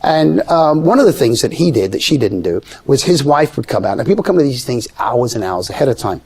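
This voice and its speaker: Animated storytelling man. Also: fairly quick, husky. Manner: animated, acts out quoted voices with pitch jumps. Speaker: guest storyteller. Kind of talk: conversational storytelling.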